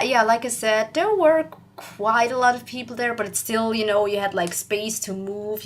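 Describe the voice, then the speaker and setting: A woman's voice: mid-range voice, fairly bright tone. Chatty young woman telling a story. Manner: chatty, rambling, laughs often, acts out quotes. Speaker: YouTuber. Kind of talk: casual storytelling vlog.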